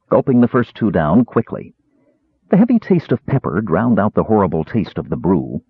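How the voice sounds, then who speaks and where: Guy reading a fantasy audiobook, husky, super dry tinny phone-like sound. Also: fairly low pitch, no echo. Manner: very expressive, wide-ranging delivery. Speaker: audiobook narrator.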